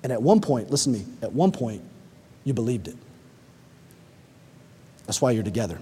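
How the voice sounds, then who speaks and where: A man in his thirties preaching a sermon, telling stories with lots of animation, getting loud when excited and dropping low for emphasis. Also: slightly rough, big-room sound. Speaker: pastor.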